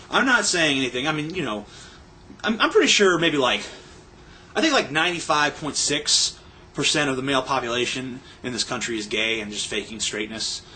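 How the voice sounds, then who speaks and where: A man's voice: on the high side, pushed and bright, slight background noise. A young man ranting to his camera in a rambling, sarcastic and crude casual way. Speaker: vlogger. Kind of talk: casual profane rant.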